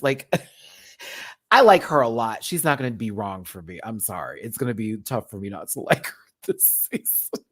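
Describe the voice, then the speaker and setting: Sassy animated man ranting live. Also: lowish voice, normal speed, husky. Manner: sassy, animated, swears often, slips into campy impressions; reads out and answers viewer chat. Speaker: host of a live review stream. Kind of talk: casual live-stream commentary.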